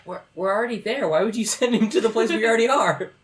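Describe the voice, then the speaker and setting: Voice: medium pitch, fast. A tabletop game player chatting casually with a sarcastic edge.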